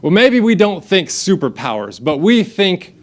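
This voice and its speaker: A man's voice: high-pitched, sing-song, measured pace. A man, preaching a sermon and telling a self-deprecating story that he acts out in quotes. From United States. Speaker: pastor. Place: church sanctuary.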